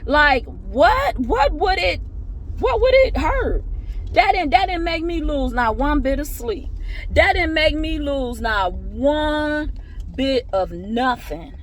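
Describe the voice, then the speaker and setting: A high-voiced woman, talking straight to her viewers in a lively, preacherly way. She urges them on with strong, animated emphasis, like a pep talk about faith. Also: takes it slowly, slight background noise. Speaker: faith vlogger. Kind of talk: casual inspirational talk to viewers.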